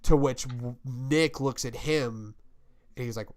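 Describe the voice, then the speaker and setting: A young adult man in casual chat, rambling and swearing as he pitches a story and acts out its quotes. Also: slow pace. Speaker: podcast co-host.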